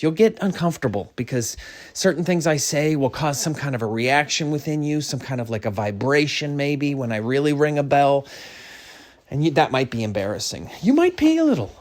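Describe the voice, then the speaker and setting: A middle-aged man hosting a comedic podcast monologue, rambling and jokey, swinging between a mock-solemn hush and sudden loud bursts. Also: on the high side, very animated, normal speed. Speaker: podcast host.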